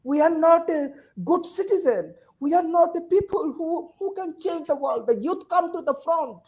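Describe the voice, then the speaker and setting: Woman with a high voice, passionate panel speech, keeps repeating herself, on a video call. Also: expressive, normal speed, a little mellow, rough recording. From Bangladesh. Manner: emotional and urgent, repeats phrases in stacked rhetorical questions. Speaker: university teacher and forum panelist.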